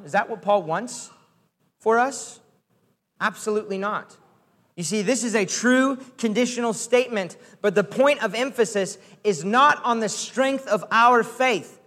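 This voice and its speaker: High-voiced preacher in a reverberant hall. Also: male voice, moderate pace, fairly bright tone. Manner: earnest, emphatic, repeats key phrases. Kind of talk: sermon.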